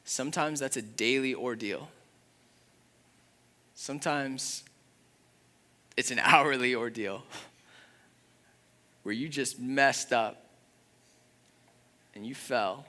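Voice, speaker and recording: A young man preaching a sermon in an earnest, conversational way, with a father's warmth. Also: mid-range voice, slow pace, pauses often. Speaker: pastor.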